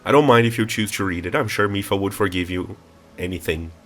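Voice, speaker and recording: A man's voice: on the low side, fairly quick, a bit bright, natural voice. Give me a man playing a grave, kindly old fish-folk king with a stuffy nose, game music faintly behind. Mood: gracious. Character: regal aged male fish-folk king, gentle.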